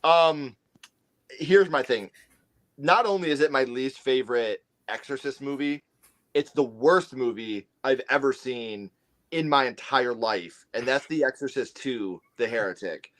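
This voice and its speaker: A man's voice: medium pitch, measured pace, a bit bright. A man co-hosting a casual podcast, talking about films in an emphatic, ranting way. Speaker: podcast co-host.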